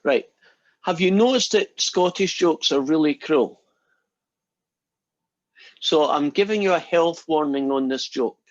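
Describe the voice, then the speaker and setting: A man lecturing math, breaking up the class with jokes and calling on students by name. His voice sits fairly high and his delivery is playful. The audio is dull and lo-fi. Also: unhurried, long pauses. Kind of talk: casual classroom joke-telling.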